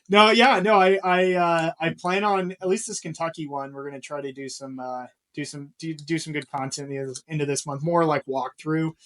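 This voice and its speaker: A man's voice: fairly high pitch, a bit bright. A man talking as a podcast guest, rambling with lots of fillers and frequent laughter. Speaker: guest, real estate investor. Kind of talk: casual podcast interview.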